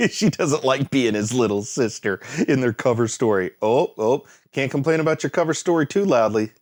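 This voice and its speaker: Chatting casually at normal speed, this anime reaction host has an animated, mid-range voice. He shouts and laughs at what's on screen before slipping into thinking out loud.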